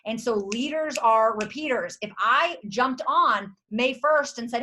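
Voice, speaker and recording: Bright, emphatic woman coaching her team. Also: fairly high pitch, animated, fairly quick, hardly any pauses. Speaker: network marketing team leader. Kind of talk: motivational leadership call. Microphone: video or conference call.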